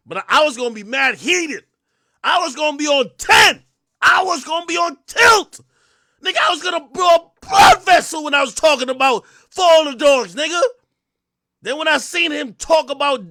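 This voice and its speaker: Male streamer host, bright high voice swinging wildly, loud profane rants to chat, dry close sound. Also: moderate pace, dry recording. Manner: loud, excitable, shouts and laughs often; profane, addresses chat directly. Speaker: livestream host. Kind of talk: casual livestream rant.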